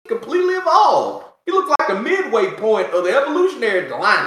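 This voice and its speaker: A man co-hosting a podcast, ranting in profane, animated casual chat with mocking asides. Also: very high-pitched, fairly quick. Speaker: podcast co-host. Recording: echoey room.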